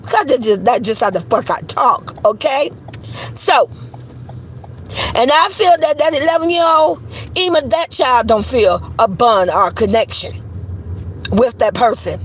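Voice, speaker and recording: A woman's voice: fairly high pitch, measured pace, pauses often, slight background noise, poor audio. A woman hosting a gossip commentary channel, who talks bluntly, swears a lot, hurls insulting names and fires off rhetorical questions. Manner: repetitive, calls people insulting names. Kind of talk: profane opinion commentary.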